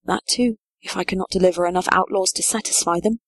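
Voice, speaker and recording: A woman's voice: on the low side, fairly even intonation, fast, no room sound, lightly acted. A woman voicing a weary, grim medieval sheriff. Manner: tired, quiet, heavy-hearted.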